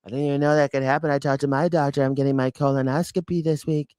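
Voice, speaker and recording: A man's voice: medium pitch, fairly even intonation, fast talker, a little mellow, clean tone, no echo, clean studio sound, lightly acted. A man putting on the voice of a confused, boastful old man who rambles and repeats himself. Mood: rambling.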